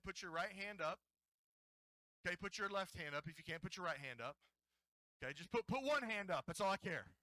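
A playful middle-aged male pastor delivers a sermon, joking and drawing the congregation into call-and-response. His voice sits high and sounds very bright and forceful. The sound is dry and close, with little room echo. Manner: playful, jokey, coaxes audience to join in. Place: church hall.

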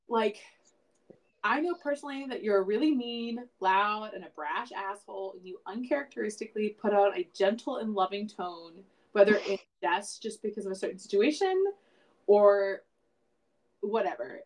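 A woman's voice: mid-range voice, animated, moderate pace, a little hiss or hum, poor audio. A woman co-hosting a casual podcast, talking animatedly, laughing often and swearing. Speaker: podcast co-host.

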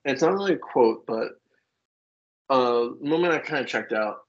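A man's voice: medium pitch, animated, normal speed, lo-fi sound. A man co-hosting a casual podcast chat, laughing often and full of fillers as he acts out quotes. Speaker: podcast co-host. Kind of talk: casual chat about comics.

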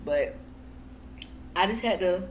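A woman guest in casual podcast chat, telling profane, animated stories and acting out what people said. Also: lowish voice, slow pace, a little hiss or hum. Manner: animated, profane storytelling with acted-out quotes.

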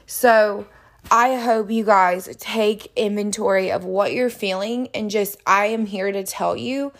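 A woman hosting a self-help podcast, earnestly encouraging the listener and reading passages aloud from a book. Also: fairly high pitch. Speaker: podcast host.

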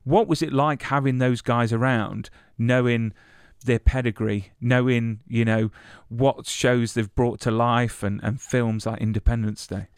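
A man's voice: mid-range voice, fairly even intonation, unhurried, clean tone, no room sound, clean studio sound. A man interviewing an actor, chatty, often stumbling and repeating words as he asks his questions.

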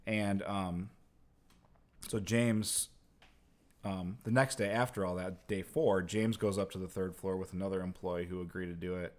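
A man's voice: low-pitched, steady tone, moderate pace, a little mellow. A man casually retelling a story to a co-host, rambling with lots of fillers. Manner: rambling, heavy use of "like". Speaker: podcast co-host.

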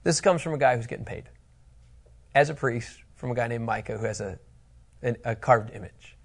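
A man's voice: medium pitch, moderate pace. A middle-aged man teaching a Bible study lesson in a conversational, joking way. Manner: conversational, animated, jokey.

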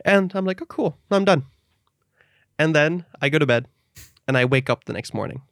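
A man's voice: a little high, lively intonation, a little fast, gravelly, fairly bright tone, no room sound, studio quality. A man from the Netherlands telling a long story in casual podcast chat, acting out the quoted voices of others.

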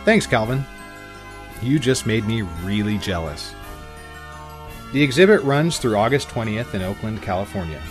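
A man reads his podcast script in an upbeat, announcer-like way. His pitch moves a lot as he speaks. Soft music plays under him. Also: animated, moderate pace, pauses often. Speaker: podcast host.

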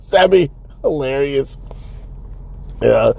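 A young man with a gravelly, dry-throated voice hosting a podcast from his car, rambling and profane and laughing at his own jokes. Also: medium pitch, moderate pace, darkish tone. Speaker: podcast host. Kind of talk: casual solo podcast rant.

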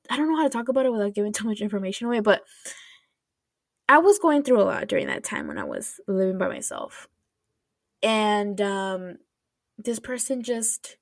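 A woman hosting a podcast, rambling through an animated, casual retelling full of fillers and restarts. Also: mid-range voice, vocal fry, dry recording, studio quality. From United States. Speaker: podcast host. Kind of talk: casual chat.

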